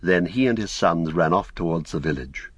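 A man narrating an audiobook in a measured storytelling manner. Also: deep voice, lively intonation, slightly rough, dry recording, studio quality.

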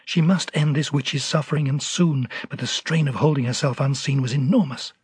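Husky-voiced male audiobook narrator. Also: mid-range voice, steady tone, normal speed, dry recording.

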